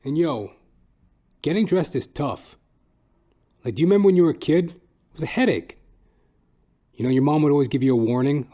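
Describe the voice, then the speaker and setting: A man's voice: animated, normal speed, pauses often, warm tone. A man hosting a comedy podcast, rambling and swearing through a solo monologue. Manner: profane, rambling, jumps into high silly voices. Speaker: podcast host.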